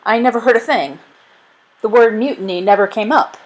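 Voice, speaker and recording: A woman reading a storybook aloud, voicing a cowardly, sniveling male sailor who pleads in a high, whiny voice. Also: animated, moderate pace, close to an everyday voice, low-quality recording. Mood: sly, flustered.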